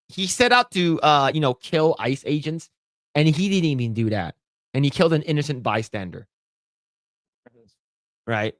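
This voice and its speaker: A man co-hosting a casual podcast, talking bluntly and profanely with lively storytelling. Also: fairly high pitch, no room sound, studio quality. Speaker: podcast co-host.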